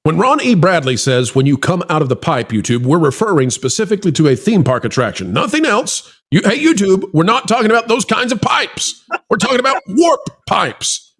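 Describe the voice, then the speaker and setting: A man's voice: high voice, very animated, a little fast, a bit bright, husky. A male host of a theme park news show, talking in a hyped, salesy way with joking asides to his audience.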